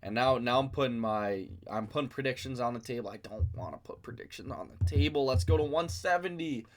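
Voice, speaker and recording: A man's voice: mid-range voice, lively intonation, fairly quick, few pauses. A man hosting a casual fight commentary vlog from his basement, rambling and self-mocking. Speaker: MMA video host.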